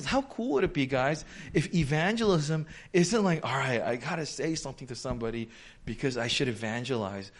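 A man preaching a sermon in a conversational, animated way, acting out quoted voices as he goes. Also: on the high side. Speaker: pastor.

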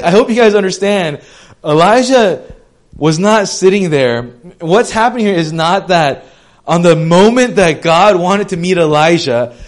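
A young man preaching a sermon in a conversational way, getting loud and animated when he retells a story, then dropping to a soft hush when he reflects. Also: high voice.

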